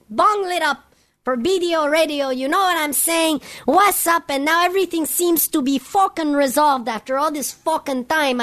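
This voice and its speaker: This is a woman with a high voice who hosts the news on live radio. She talks loosely and rambles, swears in nearly every phrase, and keeps tossing in "you know". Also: a bit bright. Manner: rambling and heavily profane, constant "you know". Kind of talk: profane off-the-cuff radio rant.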